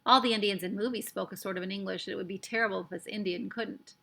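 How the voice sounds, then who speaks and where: Bright-voiced woman reading a story aloud. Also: mid-range voice, quick pace, creaky. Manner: expressive, lively narration. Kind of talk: reading a children's book aloud.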